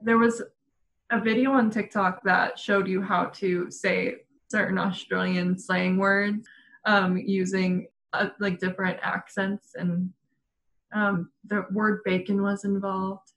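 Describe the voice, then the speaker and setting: A woman's voice: mid-range voice, little pitch movement, slow, a bit bright, poor audio. A woman in casual chat, giggling often and talking with lots of fillers. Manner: giggly, chatty, many fillers.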